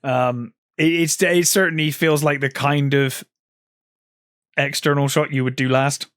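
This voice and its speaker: A man's voice: fairly high pitch, steady tone, unhurried, fairly bright tone, no echo. Man recapping a film, dry close sound. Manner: retells scenes with quoted lines, frequent ums. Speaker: podcast co-host. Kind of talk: casual film discussion.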